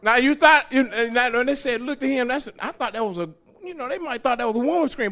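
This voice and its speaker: A man gives a lively church testimony. His voice sits very high for a man and rings bright and sharp. He tells it in a folksy, excitable way, laughing as he goes and hollering at the high points. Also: quick pace, few pauses. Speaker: church member giving a testimony. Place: church sanctuary.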